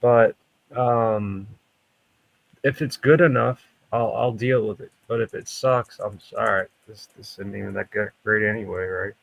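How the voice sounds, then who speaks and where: A man in casual podcast chat who talks haltingly with many restarts, saying "dude" and "like". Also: on the low side, fairly even intonation, gravelly, dry recording, low-quality recording. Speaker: podcast co-host.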